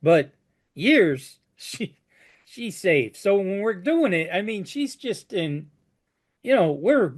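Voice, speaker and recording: A man who works as a flooring contractor, telling job stories in a casual chat and restarting his sentences often. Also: sits high. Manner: storytelling with frequent restarts.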